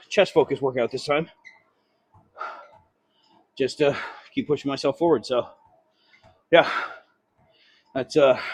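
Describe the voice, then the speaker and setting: Breathless after training, this man vlogs from an incline treadmill in the gym, holding his phone near his mouth. His medium-pitched voice is a little mellow with no room sound, and his casual chat is rambling, profane and self-deprecating.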